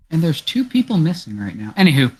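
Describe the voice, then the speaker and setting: A man's voice: on the high side, husky. Casual male game master narrating.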